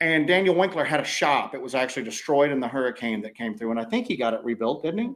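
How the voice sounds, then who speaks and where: Male co-host, casual livestream chat, joking and animated, mid-range voice. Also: medium pitch, fast, few pauses. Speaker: co-host of paranormal podcast.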